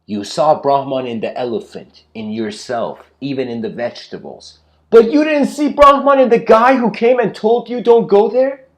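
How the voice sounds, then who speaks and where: A man voicing a calm male guru teacher who soothes and then questions with wry amusement. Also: mid-range voice, moderate pace, hardly any pauses, lightly acted.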